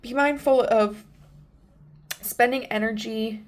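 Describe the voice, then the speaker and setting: A woman giving a pick-a-card tarot reading, gentle and earnest, with many fillers and restarts. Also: a little high, steady tone, slow pace. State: emotional, near tears. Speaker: tarot reader.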